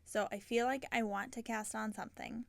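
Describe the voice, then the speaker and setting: A tired woman hosting a knitting podcast, chatting casually and rambling, with soft half-whispered asides. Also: a little high, steady tone, fairly quick, vocal fry, dry recording. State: tired and yawning. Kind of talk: casual chat. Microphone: self-filmed camera.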